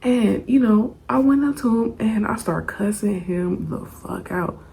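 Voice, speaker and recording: A young woman telling a story in a casual storytime vlog, animated and profane, laughing often. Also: medium pitch, a little slow, vocal fry, slight background noise.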